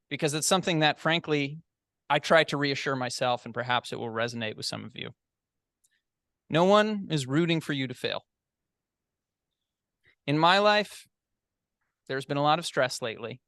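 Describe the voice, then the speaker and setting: A man's voice: mid-range voice, fairly bright tone, smooth, no echo, clean studio sound. A man, nasal from allergies, giving a candid, self-deprecating and reassuring inspirational speech at a speaking club. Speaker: club member giving the opening. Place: club meeting room.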